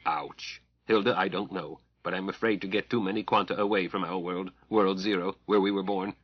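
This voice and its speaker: A man's voice: low-pitched, steady tone, moderate pace, husky, dry recording, lo-fi sound. A man reading an audiobook, voicing a cautious, scholarly mathematician who explains things carefully. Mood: explaining. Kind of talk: audiobook character voice.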